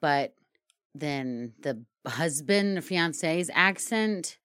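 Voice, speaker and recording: A woman's voice: low-pitched, lively intonation, extremely slow, fairly bright tone, clean tone, no echo, clean studio sound. A woman co-hosting a podcast in a casual movie discussion, chatty and laughing often. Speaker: podcast co-host.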